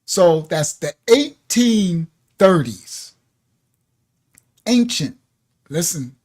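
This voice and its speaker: A man's voice: high voice, very animated, extremely slow, darkish tone. A man hosting a livestreamed religious teaching, talking casually and emphatically to viewers at home and laughing often. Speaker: ministry teacher.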